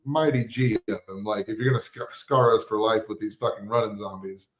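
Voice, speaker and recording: A man's voice: lowish voice, fairly even intonation, fairly quick. A man co-hosting a podcast in casual chat, laid-back and joking, with plenty of swearing. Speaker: podcast co-host. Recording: roomy echo.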